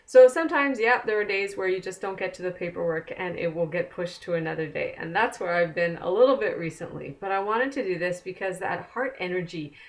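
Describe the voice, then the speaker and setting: A woman's voice: on the low side, fairly quick, hardly any pauses. A woman oracle card reader, chatting casually and conversationally to the camera from a desk at home. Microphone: camera mic.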